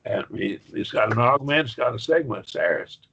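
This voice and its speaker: A man's voice: medium pitch, expressive, fairly quick, vocal fry, a bit bright, husky. A man teaching a college-level Greek Bible class, explaining step by step with enthusiasm. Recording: muffled lo-fi class recording.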